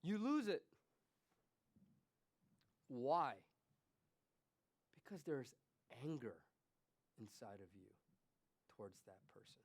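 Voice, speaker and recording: A man preaching a sermon as pastor, swinging between quiet, confessional remarks and raised, emphatic questions to the congregation. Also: medium pitch, very animated, takes it slowly, long pauses. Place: church.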